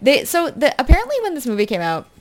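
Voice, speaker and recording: A woman's voice: high-pitched, huge pitch swings, fast. A woman in casual conversation about a film, agreeing eagerly and laughing often. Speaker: podcast co-host.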